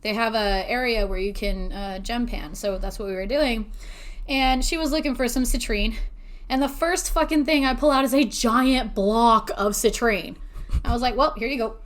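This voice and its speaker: A woman co-hosting a podcast in casual chat, excitable, swearing freely and laughing often. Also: on the high side, moderate pace. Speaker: podcast co-host.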